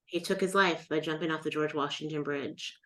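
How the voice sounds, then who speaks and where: A middle-aged woman with a deep voice, talking a little fast, shares a personal story as a guest in a casual interview. She tells it with animation, acting out the voices of everyone in it.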